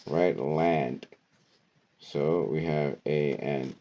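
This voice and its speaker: A man with an extremely deep voice explains how to decode words, one sound at a time. He speaks slowly and deliberately. He keeps punctuating his points with "okay" and "right" as he teaches. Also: fairly even intonation, dark tone. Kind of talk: esoteric word-decoding lesson.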